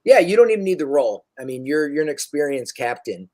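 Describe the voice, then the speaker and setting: A young man narrating as dungeon master in a relaxed, halting way with many fillers. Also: a little high. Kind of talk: narrating a tabletop game.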